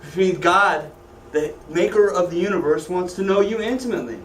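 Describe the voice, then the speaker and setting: A man's voice: sits high, animated, fairly quick, fairly bright tone, slight background noise. A man teaching a Bible class, joking and asking his students questions. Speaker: Sunday school teacher. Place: church classroom. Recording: echoey room, voice from a distance.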